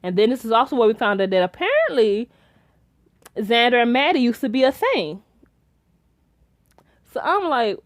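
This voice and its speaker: A woman's voice: fairly high pitch, normal speed, no echo, clean studio sound. Chatty young woman recapping a show. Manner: rambling, excitable, many restarts and fillers. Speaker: TV episode reviewer. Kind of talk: casual episode recap and theorizing.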